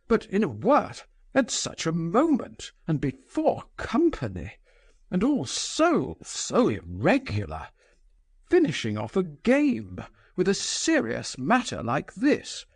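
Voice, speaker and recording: A man narrating a novel, voicing a flustered, dignified older gentleman who stammers in confusion. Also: a little high, husky, dry recording, voice pushed up, full character voice.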